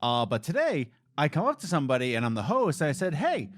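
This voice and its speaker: A man co-hosting a casual gaming podcast, joking and telling stories with lively voice changes. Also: medium pitch, a little hiss or hum. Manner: animated, jokey, quick voice changes. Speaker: podcast co-host. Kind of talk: casual chat.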